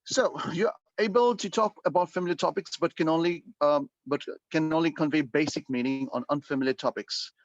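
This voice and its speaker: A man with a slightly higher voice lectures an online English speaking class. He explains at length, often restarting sentences and filling pauses. The computer-mic sound is dull and dry, with no room around it. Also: dry recording. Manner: explanatory, with frequent fillers and restarts. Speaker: English speaking-test teacher.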